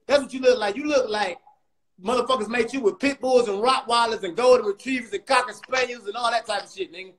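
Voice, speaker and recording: Guy with a super high voice roasting somebody on a live stream, loud and mocking, nonstop insults. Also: fast, low-quality recording. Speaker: comedian host. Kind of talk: profane roast on a livestream.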